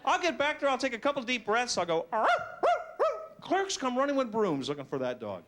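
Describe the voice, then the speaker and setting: Male stand-up comedian, high pitch, lively swoops, self-mocking delivery. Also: fast talker, a little hiss or hum. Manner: animated, self-mocking, jumps into silly voices. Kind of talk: stand-up routine.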